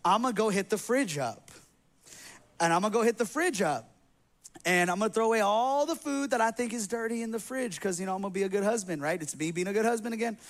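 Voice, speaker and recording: High-voiced pastor telling a funny story. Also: male voice, quick pace. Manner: conversational and humorous, slangy asides to the congregation. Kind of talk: sermon with personal storytelling. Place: church sanctuary.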